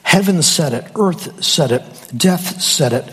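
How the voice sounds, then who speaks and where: A man preaching a sermon slowly and emphatically, with dramatic pauses. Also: fairly high pitch, animated, a bit bright, husky, big-room sound, faint music behind.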